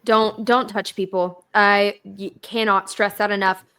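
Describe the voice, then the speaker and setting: Bright-voiced woman telling stories. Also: mid-range voice, measured pace, clean tone. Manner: animated storytelling, swearing, blunt. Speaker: podcast co-host. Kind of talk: casual chat.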